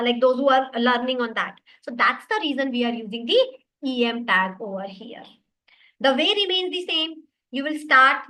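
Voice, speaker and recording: Woman teacher, high bright voice, patient repetitive explainer on an online class mic. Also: poor audio. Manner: explanatory, repeats points, addresses students. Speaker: web development teacher.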